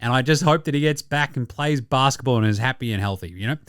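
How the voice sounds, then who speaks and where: An Australian man hosting a basketball show, ranting in a sweary, excitable and sarcastic way. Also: mid-range voice, quick pace, no room sound, studio quality. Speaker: basketball podcast host. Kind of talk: casual sports commentary rant.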